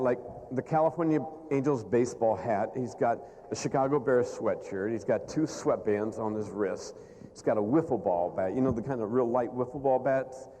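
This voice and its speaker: A man's voice: mid-range voice, big-room sound. A middle-aged man giving a humorous keynote speech, telling stories to a live audience and acting out the people in them. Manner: animated storyteller who acts out the people in his stories. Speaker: keynote speaker. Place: stage before a live audience.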